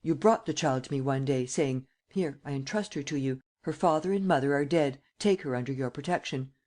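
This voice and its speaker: A man's voice: mid-range voice, fairly quick, a little mellow, lightly acted. A male narrator voicing an anxious old woman who pleads and frets over her granddaughter. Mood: alarmed. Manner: tearful, imploring.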